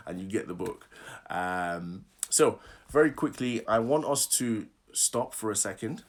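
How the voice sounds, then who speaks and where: A man's voice: fairly low pitch, animated, a little slow. A man coaching public speaking, leading listeners through affirmations and laughing often. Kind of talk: live online workshop talk.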